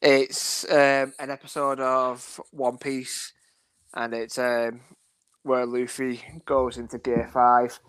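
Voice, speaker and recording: A man's voice: mid-range voice, little pitch movement, slow, fairly bright tone, clear, resonant tone. A man co-hosting a podcast, rambling enthusiastically and giggling through casual chat. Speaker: podcast co-host.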